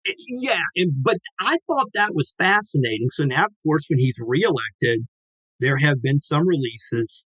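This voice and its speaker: A man's voice: fairly high pitch, a little slow, husky, no room sound, low-quality recording. Man in his sixties telling a story. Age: 60s. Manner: lively, acts out quoted dialogue, swears casually. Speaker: guest. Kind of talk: casual anecdotal storytelling.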